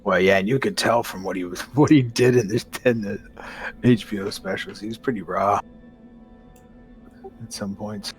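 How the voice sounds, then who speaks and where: A man's voice: on the low side, normal speed, long pauses, faint music behind. A man from North Carolina chatting casually during a game stream, easygoing. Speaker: gaming companion. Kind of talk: casual chat while gaming.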